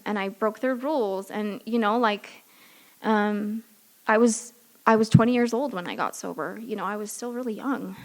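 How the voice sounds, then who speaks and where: A woman from San Diego speaking at a recovery meeting. She talks candidly and loosely, and often laughs at herself. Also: mid-range voice. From San Diego, California. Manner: loose and chatty, many fillers. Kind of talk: personal recovery talk.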